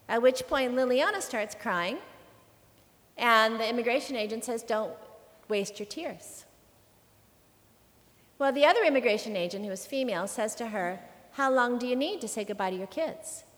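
Woman preacher, earnest storyteller, slightly high, large reverberant hall. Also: fairly bright tone. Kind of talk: sermon storytelling.

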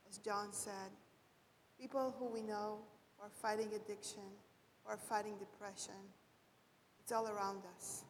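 A woman calmly leading a congregation in prayer, soft and measured. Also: medium pitch, long reverb tail, a little hiss or hum. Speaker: prayer leader.

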